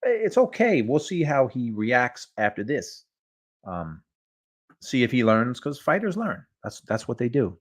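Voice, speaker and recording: A man hosting a boxing talk show, speaking in a relaxed, rambling way. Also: mid-range voice, unhurried. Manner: relaxed, rambling, chuckles often. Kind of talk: casual boxing chat.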